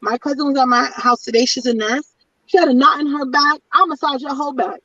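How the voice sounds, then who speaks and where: A woman's voice: high-pitched, fairly even intonation, brisk, pushed and bright, no room sound. A middle-aged woman in a candid casual chat, speaking bluntly and emphatically and repeating her points. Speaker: panelist in a women's chat. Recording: distant, dull lo-fi audio.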